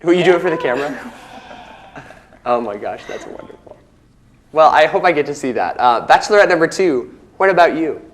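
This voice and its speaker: A man's voice: on the high side, lively intonation, fairly quick, pauses often, a little hiss or hum. Flustered young man, rambling dating-show contestant. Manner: rambling, flustered, stammering restarts. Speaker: bachelor contestant. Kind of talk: comedic dating game show.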